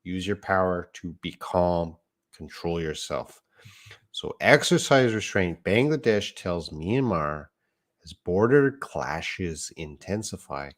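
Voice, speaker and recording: A deep-voiced man teaches English live online, going slowly through each word. He sounds middle-aged and patient, and he stops to correct himself before moving on. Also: lively intonation. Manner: patient, explains words step by step, corrects himself.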